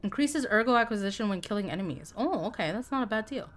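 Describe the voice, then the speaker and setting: A woman streaming a game live, chatting excitably with her viewers as she plays. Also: mid-range voice, quick pace. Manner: excitable, chatty, talks to chat. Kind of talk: live gameplay commentary.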